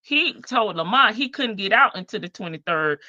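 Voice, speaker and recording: A woman's voice: mid-range voice, lively intonation, normal speed, pushed and bright, no room sound, muffled recording. A woman hosting a live stream, giving sassy casual commentary on jail calls and answering chat. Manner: sassy, talks back to chat, laughs often.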